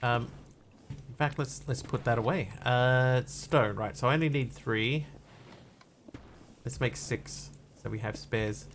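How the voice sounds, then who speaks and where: A man live-streaming a block-building game, chatting loosely with viewers as he plays and greeting new arrivals with bursts of excitement. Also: medium pitch, takes it slowly, a little hiss or hum. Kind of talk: casual game commentary.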